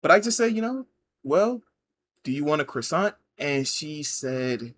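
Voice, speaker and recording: A man reacting to clips and telling his own work stories in a relaxed, slangy, laughing way. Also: high-pitched, moderate pace. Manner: laid-back, slangy, laughing storyteller. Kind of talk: casual reaction commentary.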